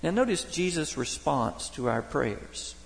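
A Baptist pastor preaching a sermon, telling folksy, humorous stories from daily life. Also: male voice, fairly high pitch, sing-song, a little slow, gravelly. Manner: folksy storytelling, homespun humor. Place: church sanctuary. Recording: long reverb of a church hall.

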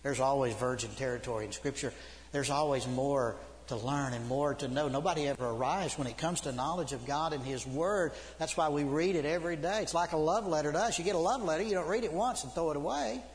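Middle-aged preacher, urgent and emphatic, slightly high voice, long reverb of a big church. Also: male voice, fairly quick. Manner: urgent, emphatic, swings from loud to hushed. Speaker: preacher, seminary dean. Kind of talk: sermon.

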